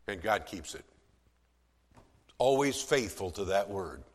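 A man preaching a sermon as pastor, swelling from soft to loud for emphasis, with some stammered restarts. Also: fairly low pitch, animated, slow, big-room sound.

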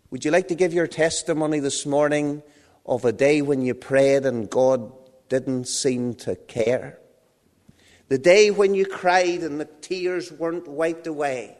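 A man's voice: a little high, unhurried, darkish tone. A man preaching a sermon in a church, reading scripture and dramatically acting out the voices of biblical figures. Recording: long reverb of a large hall.

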